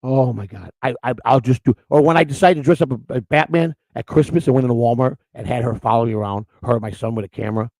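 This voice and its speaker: Brief: outspoken middle-aged male host, quick rambling delivery, fry in the voice, dry mic. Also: medium pitch, a little mellow, dry recording, rough recording. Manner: outspoken, rambling with many restarts. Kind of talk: casual storytelling on camera.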